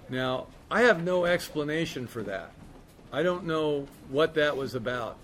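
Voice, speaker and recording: A man's voice: a little high, animated, a little slow, fairly bright tone, a little hiss or hum. A middle-aged man sharing a recovery story in a candid, rambling way, with lots of "man" and "you know". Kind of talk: storytelling talk.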